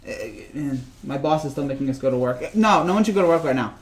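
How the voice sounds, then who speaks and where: A man's voice: medium pitch, expressive, fast. A man vlogging about sports in a casual rant, rambling and joking and often repeating himself.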